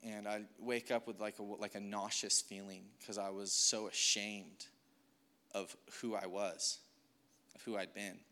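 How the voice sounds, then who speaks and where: A young preacher gives an emotional, earnest testimony sermon, dropping "like" often as he speaks. His fairly low voice is level in tone, a little slow, and sounds pushed and bright.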